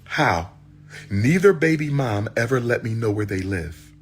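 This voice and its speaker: A man's voice: medium pitch, lively intonation, a little slow, husky. A man telling an audience his personal story in a heated, exclaiming way, repeating phrases for emphasis. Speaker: public speaker.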